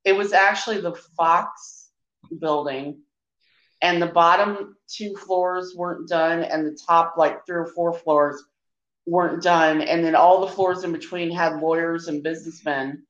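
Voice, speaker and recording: A woman's voice: on the low side, a little slow. A woman co-hosting a casual movie chat, telling trivia at length and acting out the quotes she tells. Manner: animated storyteller who acts out quotes. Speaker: podcast co-host. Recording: roomy, dull lo-fi sound.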